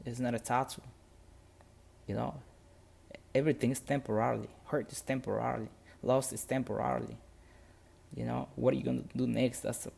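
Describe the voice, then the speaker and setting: Man, low gravelly voice, flat monotone delivery, earnest motivational podcast storytelling. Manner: earnest, plain-spoken, non-native grammar.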